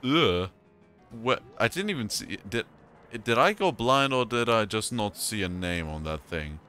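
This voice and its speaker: A man's voice: lowish voice, animated, unhurried, bright, forceful tone, clear, resonant tone, faint music behind. A man giving casual commentary while playing a video game, joking, rambling and swearing at what happens on screen. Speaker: let's play gamer.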